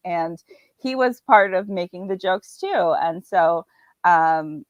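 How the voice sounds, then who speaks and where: A woman's voice: medium pitch, unhurried, no room sound. Chatty woman guest, filler-heavy, dry lo-fi recording. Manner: chatty, filler-heavy, acts out her own thoughts. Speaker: indie author and podcast guest. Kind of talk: casual interview chat. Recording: dull, slightly lo-fi dry sound.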